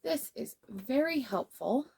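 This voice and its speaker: A young woman, a beginner podcaster and blogger, talks casually to her phone on a ring light tripod about starting a podcast, laughing at her own slips and mocking her mistakes. Her high voice is creaky, darkish, and slightly rough, slow-paced with lively intonation.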